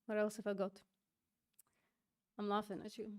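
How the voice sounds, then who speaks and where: A woman's voice: medium pitch, completely flat delivery, moderate pace, a little mellow. A young woman streaming live, ranting and mocking an opponent with laughter and swearing. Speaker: streamer doing online outreach. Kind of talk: live-stream debate rant.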